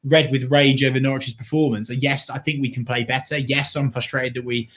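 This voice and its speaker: A man's voice: mid-range voice, fairly even intonation, brisk, fairly bright tone. Man, co-host, football fan chat, emphatic, stumbles and repeats.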